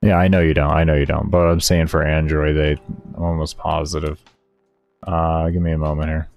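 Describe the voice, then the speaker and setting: A man's voice: very deep voice, flat delivery, brisk, vocal fry, a little mellow, dry recording. A male streamer in laid-back, slangy casual chat, talking to his viewers. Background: faint background music.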